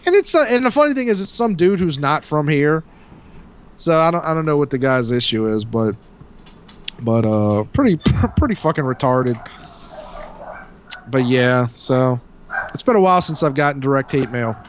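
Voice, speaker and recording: A man, chatting casually as a podcast co-host. His voice sits a little higher than most men's. He rambles through his stories, stopping and restarting mid-sentence. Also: animated, moderate pace, pauses often, slight background noise. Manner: rambling, self-interrupting storyteller.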